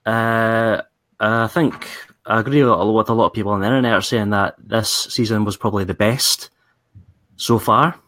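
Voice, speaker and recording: A man's voice: lowish voice, moderate pace. A man with a Scottish accent, a guest calling in by video, talking in an easygoing, slightly tired way. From Scotland. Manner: relaxed and easygoing, a little tired. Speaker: call-in guest. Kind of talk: casual chat over video call. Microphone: video call.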